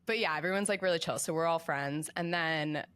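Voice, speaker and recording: A woman's voice: low-pitched, brisk, fairly bright tone, smooth, no room sound. A young woman talking as a podcast guest in a casual, chatty way, with lots of filler words. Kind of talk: casual chat.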